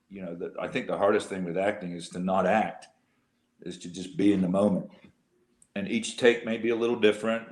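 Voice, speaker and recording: A man's voice: lowish voice, roomy sound. A man, an actor guest in a casual video interview, laughing often and restarting his thoughts. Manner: laughing, self-deprecating, thinks aloud with restarts.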